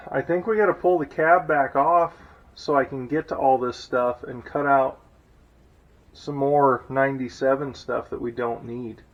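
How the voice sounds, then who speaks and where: A man's voice: mid-range voice, steady tone, a little slow. A man hosting a shop vlog, chatting casually and joking at himself as he works out a build step by step. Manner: chatty, self-deprecating, thinks out loud. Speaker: hot rod builder and channel host. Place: home workshop, hot day. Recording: muffled audio, faint shop noise.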